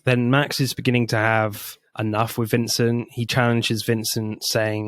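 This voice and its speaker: A man's voice: medium pitch, flat delivery, a little slow, hardly any pauses, fairly bright tone, no echo. A man co-hosting a podcast in casual chat, retelling favourite film scenes with enthusiasm and frequent laughs. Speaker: podcast co-host.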